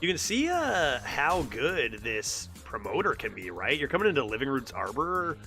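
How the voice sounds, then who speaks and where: A young male game streamer with a lively, bouncing delivery and a bright, forceful tone. He rambles casually through his commentary and often repeats words mid-thought. Faint music plays behind him. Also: medium pitch, moderate pace.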